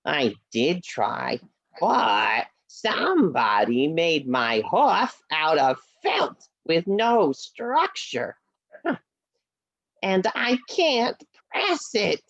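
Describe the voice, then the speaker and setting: A woman's voice: low voice, very animated, no room sound, highs cut off, pitched below the performer's own voice, full character voice. A woman playing a mopey felt-hoofed puppet. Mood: dejected. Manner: mopey, sighing, slow and sulky. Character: glum, frustrated felt hoofed animal puppet, male. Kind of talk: puppet show over video call.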